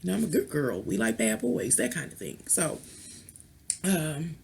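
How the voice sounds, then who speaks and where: A woman's voice: low-pitched, sing-song, moderate pace, creaky, a little mellow, slight background noise. A woman vlogger and tarot reader rambling in a casual rant, chatty and playful, with sultry, knowing asides. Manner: chatty, rambling, with restarts and playful beeping sounds.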